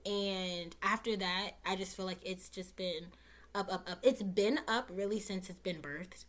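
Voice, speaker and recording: A woman's voice: mid-range voice, measured pace. Young woman podcast host, casual and heartfelt, near tears, talks right to her listeners. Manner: emotional, close to tears, talks warmly and directly to listeners with many fillers.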